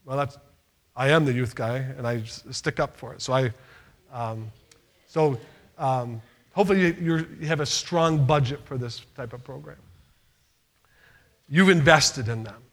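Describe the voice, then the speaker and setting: A man's voice: mid-range voice, measured pace, long pauses. A man leading a church youth award ceremony as youth leader, speaking in an upbeat, encouraging, folksy way.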